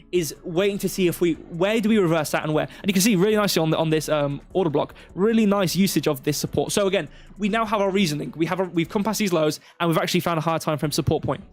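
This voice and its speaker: Over faint background music, a man with a high-pitched voice rattles through trading charts on his crypto live stream, barely pausing. Slightly raised and fast, he works step by step but keeps slipping into tangents that poke fun at himself.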